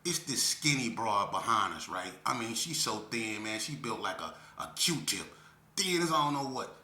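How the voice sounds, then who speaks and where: Recorded in an echoey room, this bright-voiced man is a storyteller vlogger sharing street stories casually. He's animated, though his voice sinks low and slows down when he grieves.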